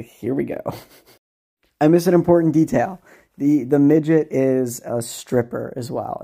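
A man's voice: medium pitch, vocal fry, warm tone. A man hosting a podcast, casually recapping a story in a rambling, amused way, with many restarts and some swearing. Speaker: podcast host.

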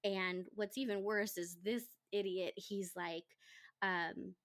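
A woman hosting a podcast, telling a story in casual chat, animated and chatty. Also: medium pitch, a little slow. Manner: animated, chatty, quotes people in lively voices. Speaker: podcast host.

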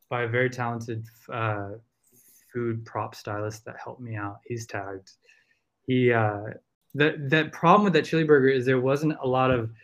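A man with a Southern American accent, a podcast guest talking casually and rambling with lots of fillers. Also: mid-range voice. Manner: rambling, full of fillers and restarts.

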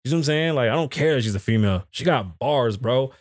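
A man's voice: medium pitch, lively intonation, quick pace, dry recording, studio quality. A man hosting a casual podcast, reading news stories aloud and cutting in with blunt, profane, mocking comments. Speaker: podcast host.

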